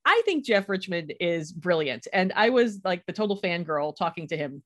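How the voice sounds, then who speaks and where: A woman's voice: fairly low pitch, big pitch swings, normal speed. Chatty enthusiastic woman host. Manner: enthusiastic, chatty, frequent laughs. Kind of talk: casual chat.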